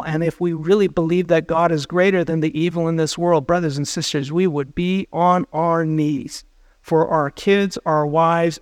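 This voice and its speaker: A male pastor delivering a sermon with earnest urgency, pressing his listeners with repeated questions. His voice sits a little high for a man. The recording is dry and close, with no room sound. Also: no room sound.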